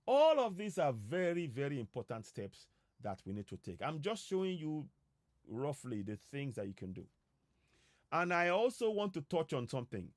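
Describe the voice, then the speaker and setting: A man's voice: a little high, very animated, normal speed, dry recording. Man, Nigerian accent, live-streamed civic talk, earnest, hesitant fillers, dry sound. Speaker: civic educator. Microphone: streaming setup.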